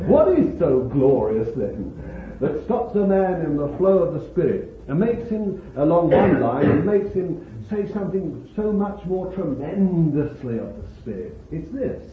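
On a tinny, phone-like old sermon tape, a man with a fairly high voice preaches to a congregation in an echoey hall with background noise. He's emphatic and exclaiming, breaking into chuckles.

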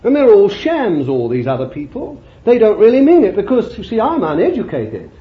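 Fervent preacher, high lively voice. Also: male voice, moderate pace. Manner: fervent, emphatic, reading scripture aloud. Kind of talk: sermon. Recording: dull lo-fi recording.

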